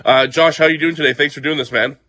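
Muffled sports radio host. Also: male voice, on the high side, fairly even intonation, pushed and bright. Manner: friendly, brisk on-air patter with promo reads.

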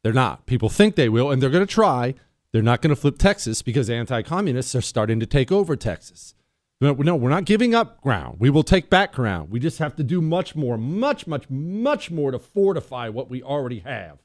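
A wound-up man hosting late-night call-in radio, firing off his points in quick, impulsive bursts. His voice sits at an ordinary pitch and is close and dry on the mic, with no room sound. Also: sing-song, a little mellow, no room sound. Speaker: radio talk show host. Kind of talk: call-in talk radio monologue.

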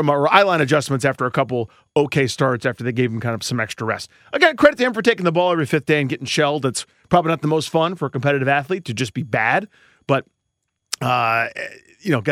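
A man's voice: mid-range voice, fairly bright tone, no echo, studio quality. A man co-hosting a baseball podcast, talking through his views in a thoughtful, rambling way. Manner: thoughtful, rambling analysis with restarts. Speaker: podcast co-host. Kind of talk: casual sports talk.

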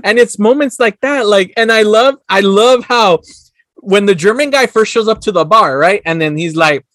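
A man chatting casually about a comedy film, relaxed and loose with his swearing as he retells scenes. His voice sits high for a man and sounds dry and close, with no room around it. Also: moderate pace, dry recording. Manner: laid-back, swears freely, acts out movie lines. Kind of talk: casual chat.

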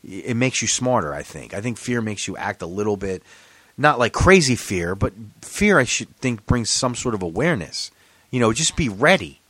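A man's voice: on the low side, very animated, normal speed, a bit bright, dry recording. A man hosting a casual podcast, telling his own stories with lots of swearing and acting out both sides of each conversation. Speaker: podcast host. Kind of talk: casual profane storytelling chat.

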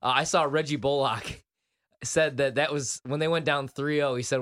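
A man's voice: mid-range voice, fairly even intonation, moderate pace, a bit bright. A man co-hosting a sports betting show, giving loose, rambling picks. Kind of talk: casual sports betting chat.

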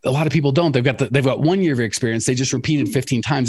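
A middle-aged man, a podcast coach, talking casually and acting out quotes by jumping up in pitch. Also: rapid-fire, few pauses. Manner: animated storyteller, acts out quotes in a raised voice. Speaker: coach and podcast host for cleaning business owners.

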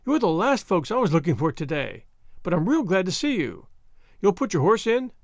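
A man's voice: sits high, sing-song, moderate pace, no echo, studio quality. A man reading an audiobook, voicing an effusive, apologetic older village woman who chatters on. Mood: welcoming.

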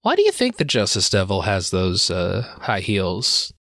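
Animated male co-host, casual banter, lively pitch and a dry close mic. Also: unhurried, dry recording. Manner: animated, swearing, jokey. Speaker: podcast co-host. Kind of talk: casual chat.

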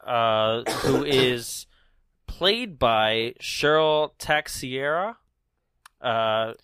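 A man co-hosting a casual movie recap chat, animated and laughing often as he acts out the characters' lines. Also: mid-range voice, extremely slow, noisy background. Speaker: podcast co-host.

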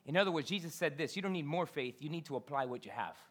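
Expressive woman preaching a sermon. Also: low voice, fast. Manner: expressive, swings between loud scripture reading and quiet asides; conversational, asks the congregation questions. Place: church.

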